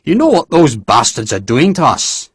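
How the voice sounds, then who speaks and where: A man voicing a gruff, crude old general who curses freely. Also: on the high side, wildly swooping pitch, normal speed, dry recording, clean studio sound, full character voice. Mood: blustering. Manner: blustering, profane.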